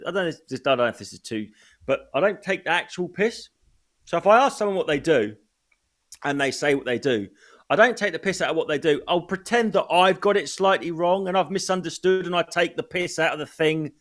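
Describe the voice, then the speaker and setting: A man's voice: a little high, lively intonation, brisk, a bit bright. Blunt man telling stories. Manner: blunt, swears freely, tells anecdotes. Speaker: stand-up comedian. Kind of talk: casual chat.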